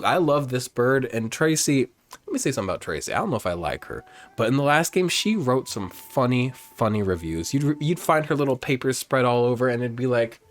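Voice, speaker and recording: A man's voice: medium pitch, sing-song, a little fast. Campy, chatty man playing a game. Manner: campy, chatty, swears freely. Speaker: gamer, host. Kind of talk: let's play commentary.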